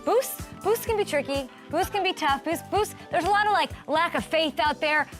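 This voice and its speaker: A woman hosting a sports talk show, animated and joking, riffing fast on the weekend's games. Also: very high-pitched, soft background music. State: out of breath. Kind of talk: energetic sports talk monologue.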